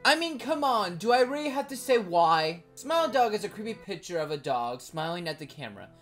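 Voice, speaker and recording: A woman's voice: medium pitch, sing-song, brisk. A woman talking in a casual commentary vlog, blunt and joking, swearing casually and rambling with lots of likes. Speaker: video creator. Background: background music.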